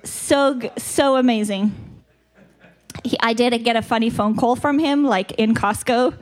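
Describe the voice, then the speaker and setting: Her voice sits on the high side, and she speaks at a measured pace. She's a South African retreat speaker giving an open, chatty church teaching despite a stuffy nose, sometimes laughing at her own expense.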